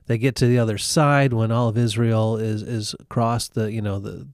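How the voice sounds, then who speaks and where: A man's voice: fairly low pitch, fairly even intonation, moderate pace, darkish tone, no echo, studio quality. A man teaching from the Bible in a casual conversation. He retells the stories and acts out the quotes, with many fillers. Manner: storytelling with acted-out quotes, frequent fillers.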